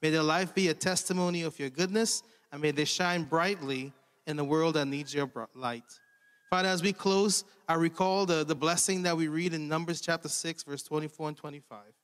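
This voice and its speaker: A man's voice: a little high, normal speed, smooth. Man praying in a reverberant hall. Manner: steady, earnest prayer cadence. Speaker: church leader leading prayer. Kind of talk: spoken prayer.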